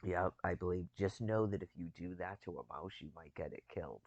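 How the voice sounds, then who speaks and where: A man's voice: low-pitched, normal speed, a little mellow, no echo, dull audio. A man in casual chat, rambling and chuckling as he talks, with loose, profane phrasing.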